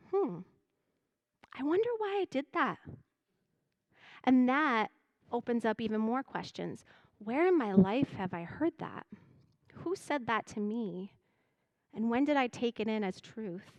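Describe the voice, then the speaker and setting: A woman with a fairly high voice gives a spiritual message in a gentle, reflective way. She often voices her own inner thoughts out loud. The sound is dry and close, with no room echo. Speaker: church music director giving a message. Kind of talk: spiritual talk to a congregation.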